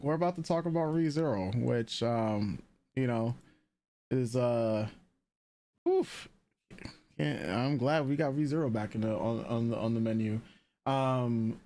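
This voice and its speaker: A man's voice: medium pitch, a little mellow, a little hiss or hum. A man co-hosting a live anime commentary stream, rambling casually with lots of fillers and restarts.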